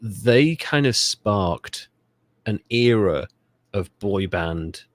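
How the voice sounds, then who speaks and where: A man's voice: fairly low pitch, lively intonation, drawn-out words, dry recording. A man co-hosting a comedic history podcast, joking and swearing freely as he riffs on the story. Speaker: podcast co-host. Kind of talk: casual comedic history chat.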